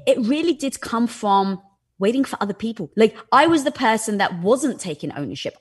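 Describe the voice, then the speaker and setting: Husky woman telling candid stories. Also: medium pitch. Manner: animated, lively, with frequent "like" fillers. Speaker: guest. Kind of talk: candid conversational storytelling.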